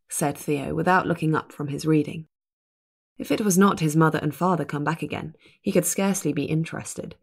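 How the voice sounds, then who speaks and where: A woman narrating a fantasy audiobook in a measured, even reading. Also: low-pitched, gravelly, breathy edge. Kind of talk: scripted narration.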